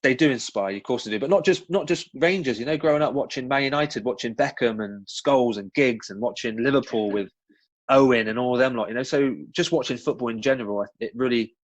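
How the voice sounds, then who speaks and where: A man's voice: medium pitch, a little fast, no room sound, lo-fi sound. A man with a West Country accent, a former footballer answering interview questions in a chatty way with many ums and restarts. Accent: West Country English. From West Country of England. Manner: chatty, frequent ums and restarts, animated storytelling. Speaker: guest, former professional footballer. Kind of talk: casual interview answers with anecdotes.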